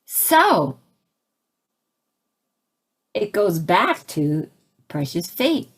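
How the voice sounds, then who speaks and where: A woman giving a conversational spiritual talk, asking her listeners questions and turning animated as she acts out her own reactions. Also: drawn-out words, slightly rough. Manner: animated, rising to high exclaims when acting out her own reactions; conversational, asks the audience questions. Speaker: spiritual teacher.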